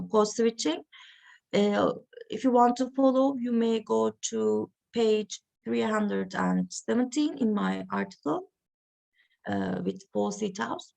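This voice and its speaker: A woman giving an academic reading session, talking slowly and haltingly with many fillers. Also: medium pitch, vocal fry. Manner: slow, halting delivery with frequent fillers. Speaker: lecturer.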